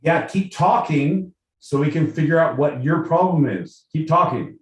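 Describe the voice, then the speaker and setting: A man's voice: on the high side, unhurried. A man co-hosting a podcast livestream, exasperated and swearing as he mocks his partner. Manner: exasperated, cursing, mocking. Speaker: podcast co-host. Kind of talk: profane casual banter on a livestream. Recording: echoey room, far from mic.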